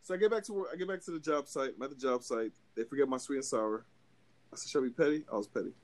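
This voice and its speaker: This podcast co-host is a young man with a mid-range, rapid-fire voice. Chatting casually, he spins a lengthy story full of profanity, animatedly performing each voice on both sides.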